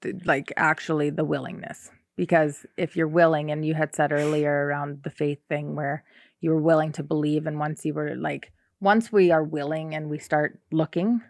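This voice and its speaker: A podcast co-host who shares thoughts on recovery in a reflective, halting way, often restarting sentences. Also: medium pitch, steady tone, gravelly, dry recording, clean studio sound. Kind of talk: casual recovery podcast chat.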